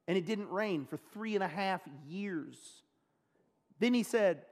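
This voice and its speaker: High-voiced man preaching in a reverberant hall. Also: darkish tone. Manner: earnest preaching, pauses and slows down on key phrases. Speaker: pastor. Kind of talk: sermon. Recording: long reverb of a large hall.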